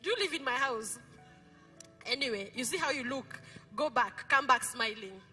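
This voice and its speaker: A middle-aged woman pastor with a Kenyan accent, preaching a lively sermon in a church, playful and quizzing her congregation. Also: on the high side, moderate pace. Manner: playful, code-switching, asks the congregation questions. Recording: music behind the preaching.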